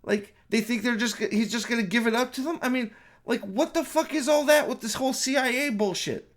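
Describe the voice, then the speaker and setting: A high-voiced man rants through a spoiler movie review, swearing freely and tripping over his own restarts. He talks from home in an exasperated, incredulous way. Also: brisk. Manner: profane, exasperated ranting with many restarts.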